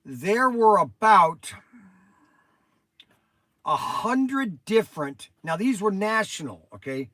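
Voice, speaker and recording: Older male livestream host, high-pitched, rambling chat with viewers, dry close sound. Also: expressive, slow, pauses often, sharp tone, dry recording. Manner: rambling, chatty, addresses viewers by name. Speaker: toy shop host answering viewers.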